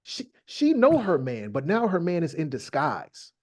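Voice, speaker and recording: A man hosting a podcast, reading Bible verses aloud and riffing on them in slangy, irreverent comic asides, often halting on fillers. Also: a little high. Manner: irreverent, slangy, animated storytelling. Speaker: podcast host.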